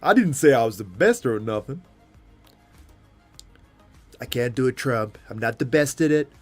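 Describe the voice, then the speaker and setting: An old-school bodybuilding champion holds forth in a slow, drawn-out, raised voice, as a man puts on the impression. He preaches easily and keeps turning to an imagined friend for agreement. Faint music plays underneath. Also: medium pitch, animated, close to an everyday voice. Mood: defensive.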